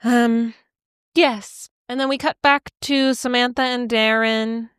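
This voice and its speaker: A woman's voice: fairly high pitch, steady tone, takes it slowly, fairly bright tone, smooth, no room sound, studio quality. A woman co-hosting a podcast in casual chat, enthusiastic and thinking aloud with fillers. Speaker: podcast co-host.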